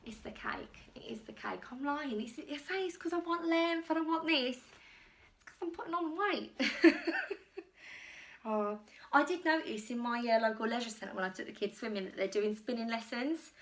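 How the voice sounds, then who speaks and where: At a moderate pace and in a high voice, an English-accented woman chats loosely through a try-on haul of clothes filmed inside her home. She's self-deprecating and slightly breathless as she goes.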